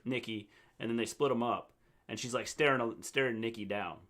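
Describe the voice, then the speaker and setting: Halting older man chatting about wrestling. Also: mid-range voice. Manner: relaxed, halting, with repeated words. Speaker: co-host, the host's father. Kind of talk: casual livestream recap chat.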